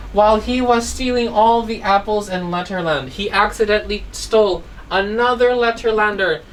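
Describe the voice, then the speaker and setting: A woman teaching an online phonics lesson to children, telling a simple story and constantly asking if they follow. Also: medium pitch. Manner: asks constant check questions. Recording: distant mic, faint background noise.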